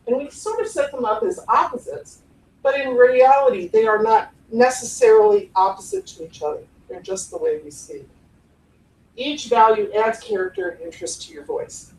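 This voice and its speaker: A woman in her forties from the Cleveland area giving a playful, lively workshop talk to a room, acting out tones of voice as she goes. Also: fairly high pitch, a little hiss or hum. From Cleveland area, USA. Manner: animated, playful, demonstrates tones of voice. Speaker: conference presenter. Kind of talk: live workshop talk on podcast voice technique. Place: conference room with audience. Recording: roomy live room recording from a distance.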